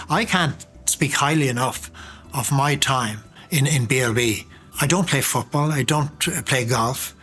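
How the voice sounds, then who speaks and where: A man, a former radio presenter, speaking enthusiastically with halting restarts about his time on air. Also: mid-range voice, fairly bright tone, slightly rough.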